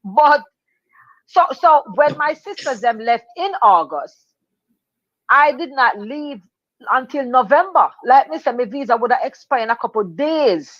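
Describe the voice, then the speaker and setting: Jamaican woman telling stories, high voice. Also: measured pace, no echo. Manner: animated, in Jamaican patois. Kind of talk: casual storytelling chat. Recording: dull, dry lo-fi sound.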